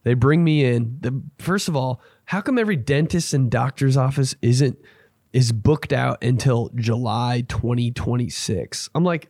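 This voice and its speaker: A man's voice: medium pitch, moderate pace, a little mellow, no room sound. Man telling rambling stories, dry sound. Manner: rambling, acts out quoted people in his stories. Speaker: podcast host. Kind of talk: casual storytelling.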